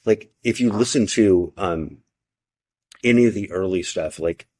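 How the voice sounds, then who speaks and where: A man's voice: sits low, measured pace, dark tone. A male podcast host in casual chat, rambling, swearing a lot and often tagging his lines with "right?".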